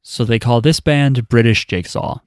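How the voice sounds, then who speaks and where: A man's voice: mid-range voice, moderate pace, a little mellow, dry recording, studio quality. A man hosting a casual podcast chat and offering wry, joking opinions. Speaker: podcast host.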